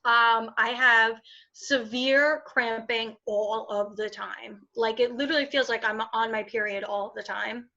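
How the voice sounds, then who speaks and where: A woman's voice: fairly high pitch, steady tone, unhurried, bright, forceful tone. A woman in her twenties, a podcast guest, talking candidly with lots of fillers and restarts. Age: 20s. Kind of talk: casual interview conversation. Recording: dull lo-fi sound.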